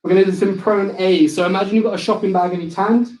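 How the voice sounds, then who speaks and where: Man, fitness instructor, cheerful coaching cues, slightly high voice, roomy echo. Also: fairly even intonation, quick pace, darkish tone. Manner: upbeat, instructive cueing with banter. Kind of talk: live online circuit class coaching. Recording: echoey room.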